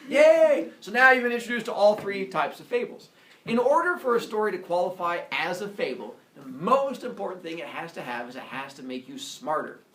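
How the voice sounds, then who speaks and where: A male teacher giving a jokey, animated lecture to his class. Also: high voice, brisk. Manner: jokey, animated, lots of uh fillers and voices. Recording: echoey classroom, camera far off.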